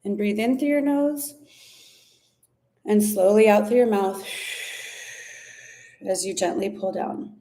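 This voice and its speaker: A woman leading a guided ear-massage and breathing practice, speaking gently and unhurriedly, with a few fillers and restarts. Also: medium pitch, takes it slowly, long pauses. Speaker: somatic practice instructor. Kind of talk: guided body practice instruction.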